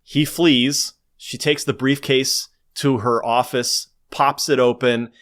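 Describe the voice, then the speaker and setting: Dude walking thru a movie plot, all excited, middle pitch, just chatting. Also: male voice, takes it slowly. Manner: enthusiastic, breaks into narrated quotes. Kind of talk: casual movie recap chat.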